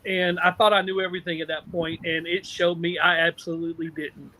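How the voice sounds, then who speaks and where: A man's voice: on the high side, little pitch movement, brisk, background noise. A man who leads a team, chatting in a boisterous, joking way. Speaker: team commander. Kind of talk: casual chat.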